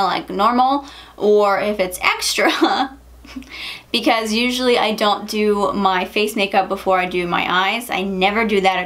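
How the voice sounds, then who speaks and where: A woman's voice: medium pitch, a bit bright. A young woman vlogger chatting casually about makeup and telling a story, full of "like" and "um". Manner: chatty, lots of "like" and "um", quick laughs. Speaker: beauty vlogger.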